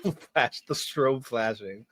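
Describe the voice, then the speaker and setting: A man's voice: mid-range voice, slow, a bit bright, a little hiss or hum. A man co-hosting a movie podcast in casual chat, adding facts and dry asides. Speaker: podcast co-host.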